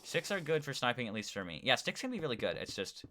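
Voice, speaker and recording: Bright-voiced rambling male streamer. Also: medium pitch, big pitch swings, fast talker, slight background noise. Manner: rambling, chatty, reads viewer chat aloud. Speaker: gaming streamer. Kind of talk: casual live-stream chat while playing.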